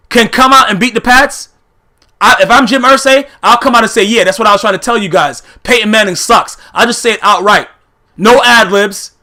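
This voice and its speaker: A man's voice: high-pitched, bright, forceful tone. A man giving a heated, profane recap of football games, blunt and full of filler phrases. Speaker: YouTube sports commentator.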